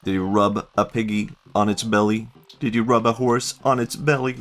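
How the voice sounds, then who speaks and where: A man's voice: fairly low pitch, steady tone, normal speed, few pauses, a bit bright, faint music behind. A young man streaming a game, chatting casually, rambling and laughing often as he jokes. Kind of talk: casual gaming stream chat.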